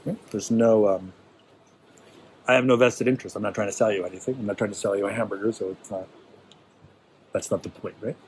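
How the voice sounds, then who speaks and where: A man's voice: on the low side, steady tone, brisk, pauses often, a little mellow, a little hiss or hum, low-quality recording. A man leading a workshop in an easygoing, encouraging way, often checking in with his listeners. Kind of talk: informal teaching talk to a small group.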